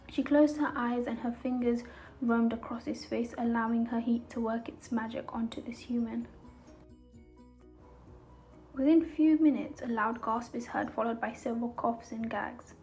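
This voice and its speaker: Female storyteller, calm scripted narration, fairly high voice, soft music bed. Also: poor audio. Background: soft background music.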